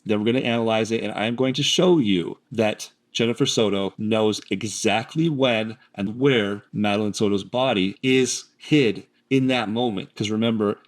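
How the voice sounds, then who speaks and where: Man explaining with steady emphasis. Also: on the low side, normal speed, hardly any pauses. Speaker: host analyzing statements. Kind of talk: analytical commentary.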